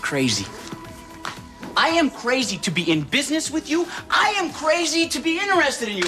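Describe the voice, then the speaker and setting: A man's voice: medium pitch, sing-song, moderate pace, music in the background, lightly acted. An actor playing a flirtatious, sarcastic man in a daytime soap opera. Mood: exasperated. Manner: teasing and sarcastic. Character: teasing, flirtatious man, sarcastic business partner. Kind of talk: 1990 daytime soap acting.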